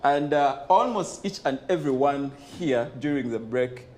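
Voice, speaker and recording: A man's voice: mid-range voice, expressive, normal speed, a crowd in the background. A man with a Ugandan English accent hosting a youth talk show, welcoming viewers and chiming in with short remarks and laughs. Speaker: host.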